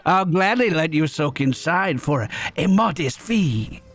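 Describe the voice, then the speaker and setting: A man's voice: on the high side, animated, unhurried, a bit bright, soft background music, exaggerated voice. A man voicing a smarmy, flirtatious male flea merchant in a put-on French accent, oily and theatrical. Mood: fawning.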